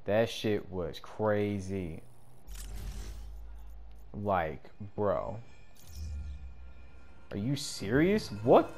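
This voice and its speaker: A man giving casual gameplay commentary in slangy speech, swinging between yelling and mumbling. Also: fairly low pitch, big pitch swings, extremely slow, pauses often. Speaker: gamer. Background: game music.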